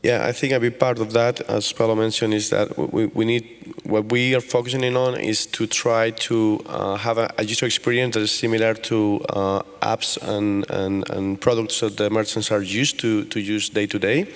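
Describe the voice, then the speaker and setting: A man speaking as a panelist on a conference stage, halting and plain. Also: fairly low pitch, flat delivery. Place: conference hall. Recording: reverberant conference hall.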